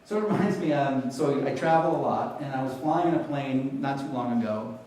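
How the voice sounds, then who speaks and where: Animated male keynote speaker in an echoey hall. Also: medium pitch, fairly quick, a little hiss or hum. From New York. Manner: animated storyteller, asks the audience questions. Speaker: conference speaker. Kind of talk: storytelling keynote talk. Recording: echoey hall, mic heard from a distance.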